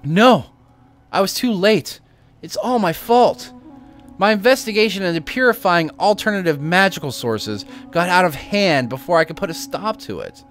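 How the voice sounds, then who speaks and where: A man's voice: high-pitched, lively intonation, normal speed, a bit bright, faint music behind, pitched above the performer's own voice. A man reading aloud the lines of a remorseful male elf mage from a video game's quest text, in his own everyday voice. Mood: guilt-stricken.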